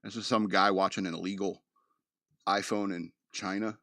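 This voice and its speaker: A man's voice: deep voice, fairly even intonation, moderate pace, a bit bright, no echo, clean studio sound. Man hosting a rambling news podcast. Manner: reads news articles aloud with joking asides; loose and rambling, with filler words. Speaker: podcast host. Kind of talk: casual news commentary podcast.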